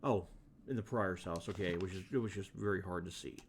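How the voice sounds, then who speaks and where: A man's voice: low-pitched, fairly quick, slight background noise. A man casually talking to himself while playing a video game. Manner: casual, muttering asides to himself. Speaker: game streamer. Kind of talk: let's play commentary.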